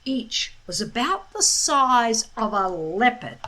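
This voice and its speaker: A woman reading a children's story aloud, taking her time and lingering over each phrase. Her voice is high and bright, and it swoops up and down to bring the scenes to life. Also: poor audio. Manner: slow, expressive, deliberate.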